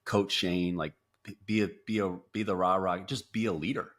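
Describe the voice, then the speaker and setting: A man with a very deep voice tells his story as a podcast guest. He talks in bursts full of restarts and acts out his own past quotes. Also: steady tone, normal speed, a bit bright. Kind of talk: storytelling interview.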